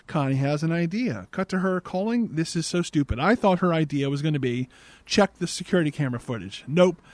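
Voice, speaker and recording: A man hosts a podcast and recaps a film in a sarcastic, exasperated way. His voice sits a little high, and the recording is dry and close with no room sound. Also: animated, a little fast, a little mellow, dry recording. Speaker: podcast host. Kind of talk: casual movie recap.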